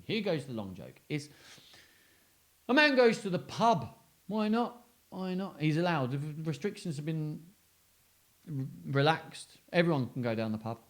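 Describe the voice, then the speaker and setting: A man hosting a children's story and joke show, talking in a playful, self-mocking way. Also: mid-range voice. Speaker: host.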